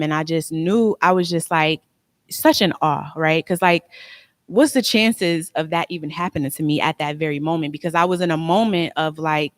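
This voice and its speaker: A woman's voice: lowish voice, no echo. A young adult woman, a tax business owner, telling a personal story in an interview, earnest and emotional, with many "like"s. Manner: emotional, earnest, heavy use of "like".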